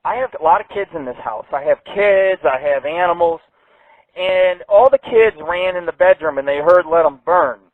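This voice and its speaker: A man's voice: sits high, moderate pace, no echo. A man hosting an internet radio show, ranting brashly and swearing a lot. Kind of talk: profane call-in radio rant. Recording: tinny phone-like dry sound.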